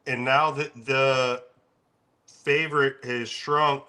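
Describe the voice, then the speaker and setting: A man with a mid-pitched, bright voice, going through betting odds on a podcast panel. He talks in a measured, analytical way. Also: level tone. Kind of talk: casual betting talk.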